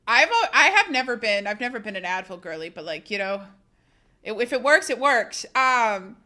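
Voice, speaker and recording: Bright, laughing young woman streamer. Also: a little high. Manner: rambling, self-mocking, frequent laughter. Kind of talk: casual chat to stream viewers.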